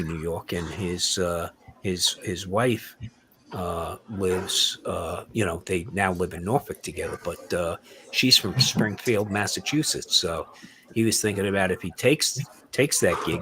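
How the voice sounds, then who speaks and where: Older male host, lowish voice, easygoing rambling chat full of uhs. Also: a little slow, fairly bright tone. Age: 60s or older. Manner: rambling, many fillers and restarts. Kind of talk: casual group chat.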